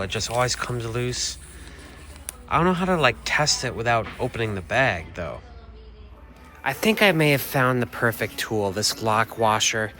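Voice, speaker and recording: A man's voice: mid-range voice, bright, forceful tone, slight background noise. A man narrating a casual travel vlog to camera, thinking aloud in a loose, unsure, chatty way. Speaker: van-life vlogger.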